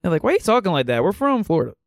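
A man's voice: high-pitched, big pitch swings, very fast, no room sound. A young man co-hosting a comedy podcast, rambling casually with lots of filler words. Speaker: podcast co-host.

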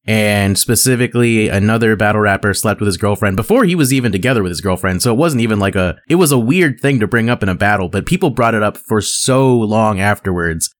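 A man co-hosting a podcast, chatting casually with a laid-back, deadpan manner and frequent laughs. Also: lowish voice. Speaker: podcast co-host.

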